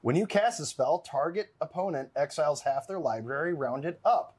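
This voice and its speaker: A man playing a card game in casual chat, relaxed, reading card text aloud. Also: on the high side, moderate pace, husky.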